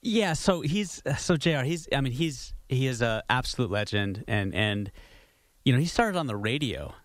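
A man's voice: medium pitch, animated, normal speed, no room sound. A man on a radio show crew, speaking hesitantly with many fillers. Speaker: radio producer.

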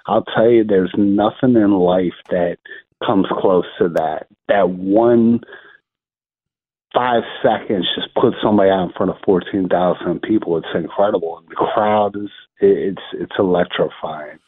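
A man's voice: low voice, unhurried, husky, no echo. A man who promotes boxing events, calling in to a radio sports show and speaking earnestly, often repeating his phrases. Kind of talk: phone-in interview. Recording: tinny phone line.

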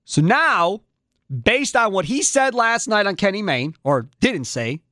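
Man, sports talk radio host, fired-up rant, rhetorical questions, bright voice, dry studio sound. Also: sits high, sing-song, unhurried, no room sound.

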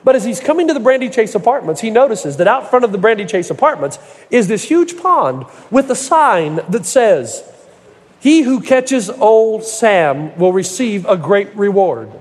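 High-voiced preaching man in a big hall. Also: sing-song, normal speed, breathy edge. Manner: storytelling with folksy humor, rising to emphatic preaching. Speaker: pastor. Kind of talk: sermon. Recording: echoey hall reverb.

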